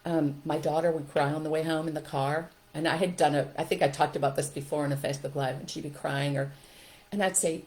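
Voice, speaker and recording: A woman's voice: low-pitched, steady tone, fast, darkish tone, low-quality recording. A middle-aged woman hosting a casual teaching talk for parents, acting out scolding and soothing phrases as examples. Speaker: childcare trainer and podcast host.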